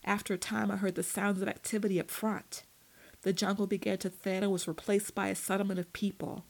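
A woman reading a first-person story aloud in a measured, steady storytelling manner. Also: mid-range voice, creaky, poor audio. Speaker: narrator. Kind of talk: first-person audiobook narration.

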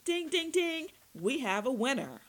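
A woman's voice: medium pitch, animated, normal speed, natural voice. A woman voicing a cocky male vampire hunter who cracks corny jokes at his prisoner. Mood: gleeful. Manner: mocking, jokey.

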